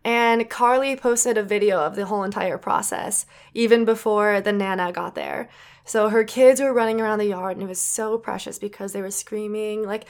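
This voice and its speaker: A young adult woman co-hosting a casual chat, telling a story with animated, acted-out quotes. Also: fairly high pitch, normal speed. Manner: animated, acts out quoted voices. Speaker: podcast co-host.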